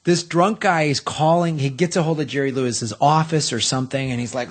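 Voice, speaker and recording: A man's voice: fairly high pitch, a little fast. A man hosting a podcast in casual chat, retelling funny anecdotes loosely and with swearing. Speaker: podcast host.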